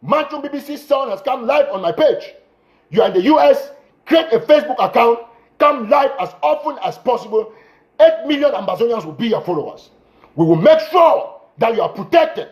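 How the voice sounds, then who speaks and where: A man urgently addressing his audience in an impassioned livestream appeal, repeating himself and breaking into shouts, speaking into a phone. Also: very high voice, lively intonation, moderate pace. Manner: urgent, repetitive exhortations, bursts of shouting. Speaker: political commentator.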